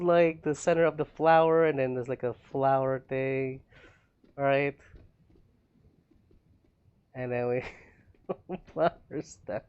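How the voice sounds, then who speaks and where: A man's voice: medium pitch, steady tone, slow, pauses often, darkish tone, clear, resonant tone, muffled recording. A man streaming a building game, rambling to himself with frequent laughs as he plays. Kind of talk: casual gameplay commentary.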